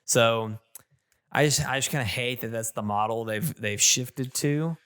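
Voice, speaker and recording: A man co-hosting a casual gaming podcast, talking in an animated, ranting way with lots of restarts. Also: mid-range voice, a little slow, clear, resonant tone. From not British. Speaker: podcast co-host.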